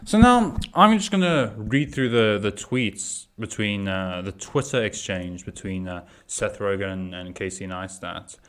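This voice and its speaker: A man's voice: lowish voice, lively intonation, measured pace, few pauses, fairly bright tone. A young man ranting casually to camera as a YouTube commentator, swearing often and rambling through restarts. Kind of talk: casual profane rant.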